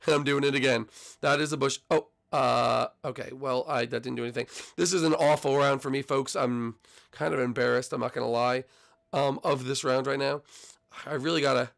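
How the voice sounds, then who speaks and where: A young man hosting his gaming channel, giving excitable, trash-talking commentary on his own play. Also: medium pitch, creaky.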